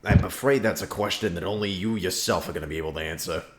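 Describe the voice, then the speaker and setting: A man running a tabletop role-playing game over a voice call, telling the story in a lively way with dry, teasing humor. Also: low voice, fast, background noise. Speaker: game master. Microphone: voice call microphone.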